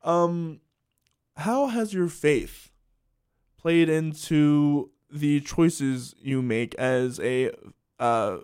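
A man's voice: on the high side, extremely slow, a little mellow, clean tone. A young man hosting a podcast interview in a casual, rambling way, with many fillers and restarts. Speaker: podcast host.

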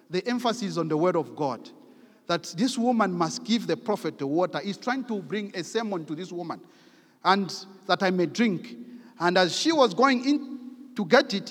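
A man preaching a sermon, reading scripture aloud with emphatic, rising force. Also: sits high. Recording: long hall reverb.

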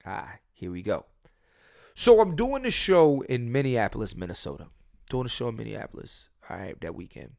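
A man hosting a podcast, telling his dating stories in a casual, profane way and swinging between loud and soft. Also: mid-range voice, very animated, normal speed, gravelly, no echo, studio quality. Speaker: podcast host. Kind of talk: casual storytelling chat.

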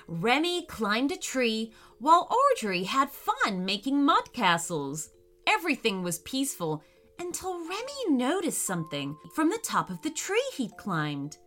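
A woman narrating a children's story in a slow, expressive way. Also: sits high, soft background music.

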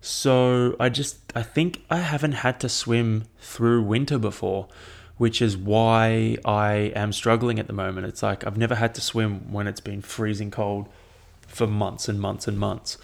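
A man's voice: lowish voice, steady tone, normal speed, gravelly. A young man chatting casually about his training to his own microphone, rambling and swearing often. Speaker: triathlete sharing training update. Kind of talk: casual chat.

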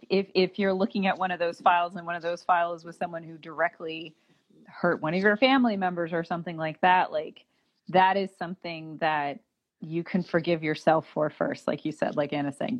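A woman's voice: lowish voice, steady tone, normal speed, highs cut off. A woman co-hosting a podcast in casual chat, reflective and affirming. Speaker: podcast co-host.

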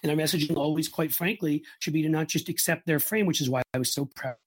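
A man's voice: on the high side, quick pace, background noise. A man co-hosting a political podcast, talking emphatically in a rambling way with restarts. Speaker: podcast co-host. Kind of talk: casual political chat.

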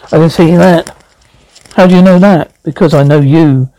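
A jaded, self-destructive middle-aged writer, played by a man in a TV drama, sardonic and foul-mouthed, at times pleading. His voice sits a bit high for a man, with a gravelly fry and a dark, mellow tone, in a dry, close sound. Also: steady tone, normal speed, no room sound, lightly acted, low-quality recording. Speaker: lead character in a TV drama. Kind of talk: TV series dialogue.

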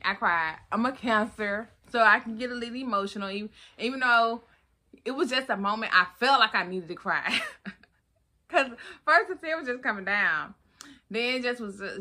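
Bright-voiced woman hosting a podcast. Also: medium pitch. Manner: animated and expressive, calls listeners honey and baby. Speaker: podcast host. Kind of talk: casual solo podcast talk.

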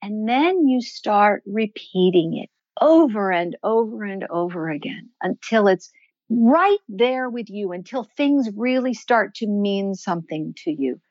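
A woman answering interview questions as a voice and performance coach, explaining in a measured, instructive way. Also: mid-range voice, expressive, a little mellow, no room sound, muffled recording. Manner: measured, instructive, slows to stress points.

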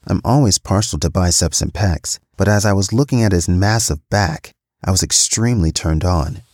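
A man with a very low voice reads a first-person story aloud. His delivery is steady and matter-of-fact. The recording is dry and close. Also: moderate pace, no echo. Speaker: podcast storyteller.

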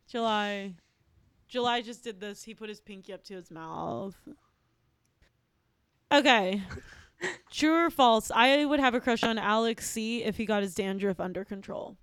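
Excitable woman hosting a comedy game. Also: medium pitch, unhurried, long pauses, clean tone, no room sound. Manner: excitable and gushing. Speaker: game host.

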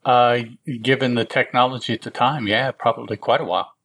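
A man's voice: medium pitch, steady tone, fairly quick, fairly bright tone, no echo. A man co-hosting a podcast in casual chat, mostly giving short reactions with hesitant restarts. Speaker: podcast co-host.

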